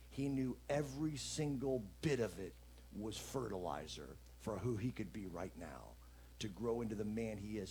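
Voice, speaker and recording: A man delivers an inspirational message at a church service, joking with the listeners. His voice is warm and mellow with a middle pitch, and he talks in a playful, animated way. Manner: playful, animated, jokes with the audience. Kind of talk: lively spoken message.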